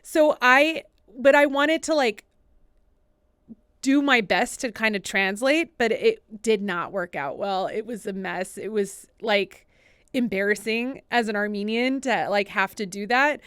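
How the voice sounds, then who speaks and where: A woman in her thirties, a podcast co-host telling stories casually in an interview, full of "like" fillers and lively retellings. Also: medium pitch, unhurried, clean tone, no room sound, studio quality. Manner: chatty, many "like" fillers, animated retellings. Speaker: podcast co-host and assistant, guest.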